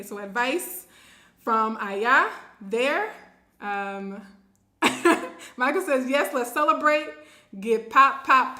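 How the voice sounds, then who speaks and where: A woman's voice: a little high, fairly bright tone, echoey room. A woman hosting a casual live stream, reading viewer comments aloud and laughing often. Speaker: livestream host.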